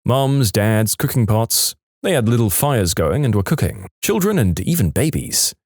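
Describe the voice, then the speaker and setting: Man, story narrator, low voice, animated pitch, dramatic with wry asides. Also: moderate pace, no echo, clean studio sound. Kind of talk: scripted narration of reddit stories.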